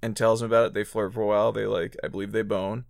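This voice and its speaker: A man co-hosting a casual movie chat, gravelly, rambling and hesitant with lots of fillers. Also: lowish voice, little pitch movement, quick pace, no room sound, studio quality. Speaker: podcast co-host.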